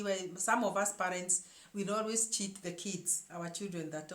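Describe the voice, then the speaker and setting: A woman hosting her own show tells her viewers a story emphatically, often repeating words as she searches for the next one. She speaks briskly in a mid-range voice, recorded in an echoey room.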